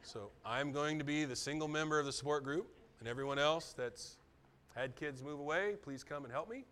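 A middle-aged man delivers a sermon as pastor in a slightly high voice, fairly quick and clean in tone. His asides fall to near whispers, then he rises into loud, emphatic repetition.

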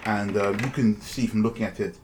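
A man's voice: on the low side, steady tone, a little fast, darkish tone, slight background noise. A man narrating a tabletop game as game master, describing scenes at length with many restarts. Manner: descriptive, full of fillers and restarts.

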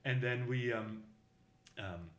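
A middle-aged man from the Boston area telling a long anecdote in casual conversation, halting with many fillers and restarts and mimicking other people's voices in much higher tones. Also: fairly bright tone. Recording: roomy echo.

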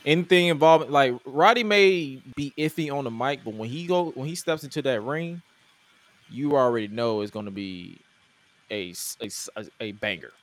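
A man's voice: mid-range voice, moderate pace, a bit bright. A man co-hosting a podcast, chatting casually and jokingly about wrestling with loose restarts. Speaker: podcast co-host.

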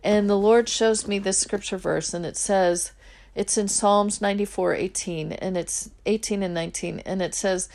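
A woman's voice: mid-range voice, steady tone, moderate pace, a little mellow. A middle-aged woman hosting a faith podcast, telling a personal story earnestly and with feeling. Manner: earnest and emotional, retelling with quoted dialogue. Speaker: podcast host.

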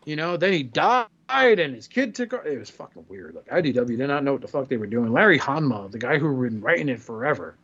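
A man's voice: mid-range voice, sing-song, fast, hardly any pauses, fairly bright tone, slightly rough, dull audio. A man co-hosting a podcast in casual chat, telling rambling profane stories and acting out quotes. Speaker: podcast co-host.

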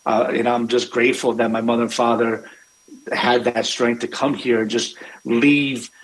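In a rambling, conversational way full of fillers and false starts, a restaurant owner recounts stories about his family. He speaks flatly at a moderate pace in a medium-pitched voice, and the recording sounds rough.

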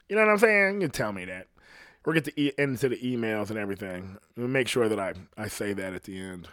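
A man's voice: fairly low pitch, expressive, quick pace, a bit bright, dry recording, clean studio sound. A man from Ohio hosting a solo podcast, rambling in a profane, casual monologue and often asking "you know what I mean". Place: at home alone.

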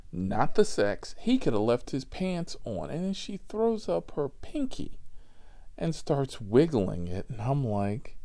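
A man telling a comic story on his podcast, profane and animated with a drawling delivery. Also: fairly low pitch.

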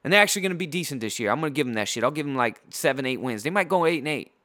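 A man from San Diego ranting as a podcast host, loud and trash-talking, a little tipsy, with lots of restarts. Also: mid-range voice, expressive, very fast. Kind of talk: profane sports rant.

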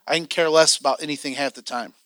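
A man's voice: fairly high pitch, steady tone, fast talker, fairly bright tone, no room sound, clean studio sound. A man teaching a church training class, candid and joking, acting out the voices he quotes.

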